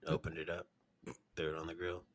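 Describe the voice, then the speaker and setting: A man co-hosting a podcast in casual chat, low-key and often trailing off quietly. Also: monotone, a little fast. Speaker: podcast co-host.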